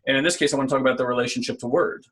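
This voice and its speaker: A man's voice: medium pitch, steady tone, rapid-fire, fairly bright tone. A man co-hosting a casual spiritual self-help talk, earnest and conversational, often checking in with "right?". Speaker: podcast co-host.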